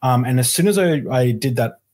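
A husky-voiced man hosts a podcast and talks at a rapid clip. He tells a personal story in casual chat and brings the quoted lines to life. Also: mid-range voice. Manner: animated, acts out quoted dialogue. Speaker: podcast host.

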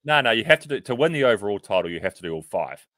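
A young man co-hosting a podcast in relaxed, matey conversation, swearing casually. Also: on the low side, rapid-fire, dry recording. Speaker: podcast co-host, pro cyclist. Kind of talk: casual chat.

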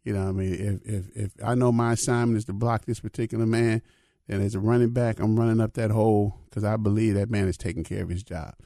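A man's voice: on the low side, fairly even intonation, fast talker, mellow, dry recording, studio quality. An older man, a pastor, giving an informal spiritual reflection in a conversational way, often asking "you know what I mean".

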